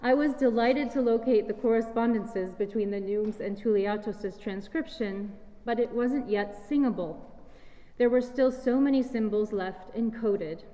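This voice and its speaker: A woman giving a measured, explanatory talk as a singer presenting chant, recorded in a large hall. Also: on the high side, warm tone. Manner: measured, explanatory, sings short chant fragments. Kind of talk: scripted lecture-recital talk. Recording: reverberant hall.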